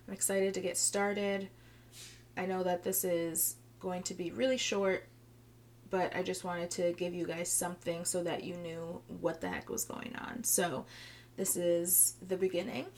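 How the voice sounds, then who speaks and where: A young adult woman chats through her solo podcast in a rambling, filler-heavy way. Her voice sounds strained and a little hoarse, with a gravelly fry. A faint hiss of noise sits under the recording. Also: on the low side, steady tone, a little slow, darkish tone. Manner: chatty, rambling, many fillers. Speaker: podcast host. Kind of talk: casual solo podcast chat.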